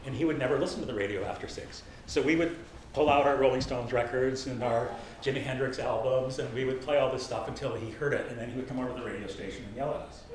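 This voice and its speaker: A man's voice: mid-range voice, fast. An older man from Canada speaks to a live audience in a library event room, chatty and self-deprecating. His mid-range voice carries plenty of echo from the big room. A light background hiss sits under it. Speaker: podcasting workshop presenter. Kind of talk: public talk to an audience.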